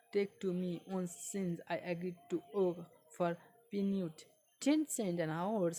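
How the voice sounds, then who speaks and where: A woman, not a native English speaker, reading a book aloud in a halting way and repeating phrases for learners. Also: on the low side, a little mellow.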